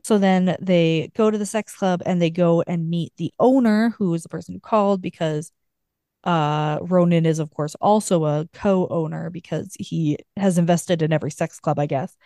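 A woman's voice: lowish voice, warm tone, no room sound, studio quality. A woman co-hosting a podcast, casually recapping a book in a rambling way with lots of filler words. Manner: rambling retelling full of "like" fillers. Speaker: podcast co-host.

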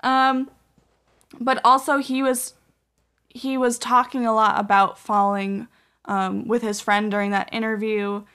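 A woman's voice: a little high, little pitch movement, measured pace, fairly bright tone, smooth. A woman hosting a podcast, telling a story in a casual, rambling way full of "um" and "like". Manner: rambling, filler-heavy with many "um" and "like". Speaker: podcast host.

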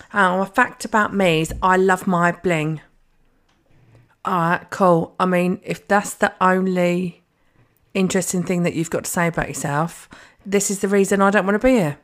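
Sweary, animated woman ranting. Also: mid-range voice. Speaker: podcast co-host. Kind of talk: casual chat.

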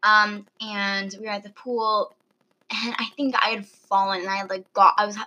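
Bright-voiced teen girl chatting. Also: medium pitch, flat delivery, moderate pace, dull audio. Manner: giggly, rambling, chewing near the mic. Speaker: friend asking questions. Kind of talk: casual chat.

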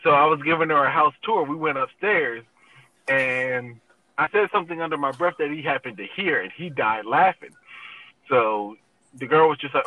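A man's voice: on the high side, unhurried, pauses often, pushed and bright, poor audio. A man in his thirties casually telling a long personal story, laid-back and full of "you know" fillers.

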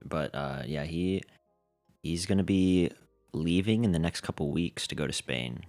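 A man's voice: sits low, a little slow, darkish tone, soft background music. A young man from the American South co-hosting a podcast, talking casually and joking around. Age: young adult. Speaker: podcast co-host. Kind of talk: casual chat.

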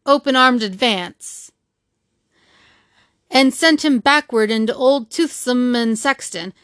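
A woman's voice: fairly high pitch, slow pace, a bit bright, no room sound, clean studio sound. Woman reading a classic novel aloud. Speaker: audiobook reader. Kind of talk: storybook narration.

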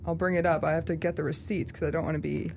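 A young woman co-hosting a casual podcast, talking with lots of fillers and quick asides. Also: low-pitched, level tone, creaky, darkish tone, slight background noise. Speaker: podcast co-host.

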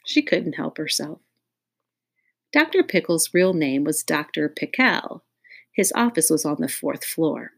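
A woman's voice: low-pitched, sing-song, a little slow, breathy edge. A woman reading a children's audiobook aloud in a playful way, speaking directly to young listeners. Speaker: audiobook reader.

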